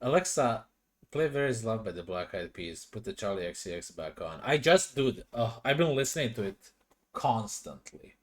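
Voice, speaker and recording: A man's voice: on the low side, big pitch swings, normal speed. A young man streaming from home into a desk mic, chatting casually with his viewers, swearing and sounding self-conscious. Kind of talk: casual livestream chat. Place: home room. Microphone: desk microphone.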